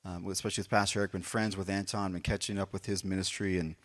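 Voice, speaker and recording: A man, the host pastor, introducing the visiting preacher in a halting way with many fillers. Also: deep voice, little pitch movement. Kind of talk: introducing a guest speaker.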